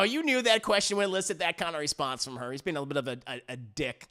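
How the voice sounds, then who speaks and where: Animated, bright-voiced male reviewer. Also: high voice, quick pace, vocal fry, few pauses. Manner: animated, profane, repetitive restarts. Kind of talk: casual first-watch recap.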